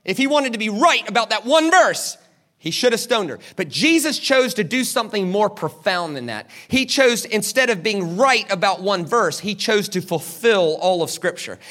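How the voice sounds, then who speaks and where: A man's voice: sits high, expressive, normal speed, pushed and bright. A man preaching a sermon as pastor. He asks the crowd questions, answers them himself, and acts out the people in the story.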